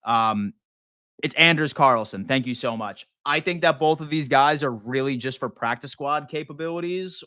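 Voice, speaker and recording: A young man from Western New York chats through a football live stream in a loose, profane, hyped way. His voice is bright and clear. The sound is dry and close, with no room around it. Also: medium pitch, no echo. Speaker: sports live stream host. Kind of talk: casual live stream chat.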